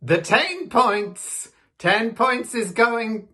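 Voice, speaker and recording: Man delivering jury votes in an exaggerated fake European accent, bright and unhurried. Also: very high voice, animated. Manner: slow, hammy put-on continental European accent. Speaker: guest jury member. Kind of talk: jury vote announcement.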